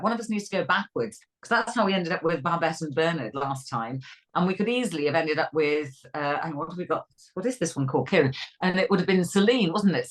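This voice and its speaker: Lively woman weather podcaster. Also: on the low side, poor audio. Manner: lively, chatty, jokey asides. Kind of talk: casual chat.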